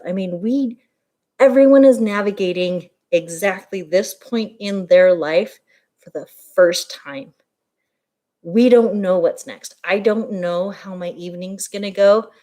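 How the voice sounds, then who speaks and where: A woman's voice: medium pitch, a little mellow. A young adult woman talking candidly and emotionally in a personal vlog, rambling with fillers. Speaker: vlogger.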